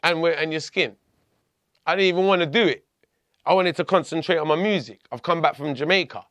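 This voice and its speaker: A man, telling a story as a podcast guest in a lively, profane way. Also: on the high side, brisk, no echo. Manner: animated, profane, laughing storyteller. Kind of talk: storytelling in conversation.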